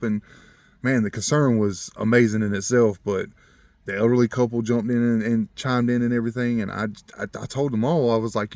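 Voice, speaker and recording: Man with a lowish voice, earnest and rambling, chuckles a lot, warms up on faith; dry, close recording. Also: a little fast, no echo. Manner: grows more animated when talking about faith. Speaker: vlogger telling a personal story. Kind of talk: casual storytelling.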